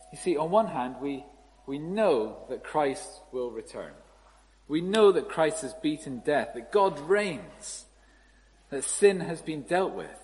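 A man with a fairly high voice preaches a sermon in a conversational, storytelling way. His voice rings through a church hall with a long tail of reverb. Faint room ambience sits underneath. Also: slight background noise.

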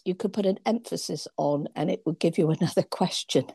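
A woman's voice: fairly low pitch, a little fast, gravelly, few pauses, breathy edge, dry recording, clean studio sound. A woman sharing earnest, hesitant reflections on a video call from her tablet. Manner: hesitant, lots of ums, warm and earnest. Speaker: church member sharing reflections. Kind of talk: casual reflective chat.

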